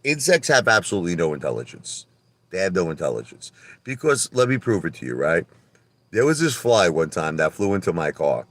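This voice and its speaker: A man with a Brooklyn New York accent, talking in a casual livestream rant from his car, animated and profane, swinging from loud outbursts to low muttering. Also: fairly quick, dry recording. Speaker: livestream host.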